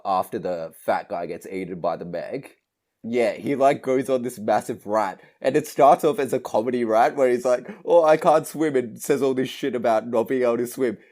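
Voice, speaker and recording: A man co-hosting a podcast, chatting casually about a movie, retelling scenes with animated laughter. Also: lowish voice. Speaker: podcast co-host. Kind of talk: casual movie review chat.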